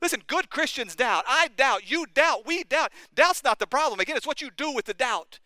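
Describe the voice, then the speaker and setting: High-voiced, bright impassioned preacher man. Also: animated, normal speed, no echo. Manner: impassioned preaching, rising urgent questions. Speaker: pastor. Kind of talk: sermon.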